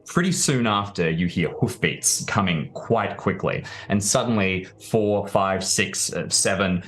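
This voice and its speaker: A man narrating a tabletop role-playing game as game master. He describes the scene in detail, often pausing on fillers. His voice is very low and deep. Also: soft background music.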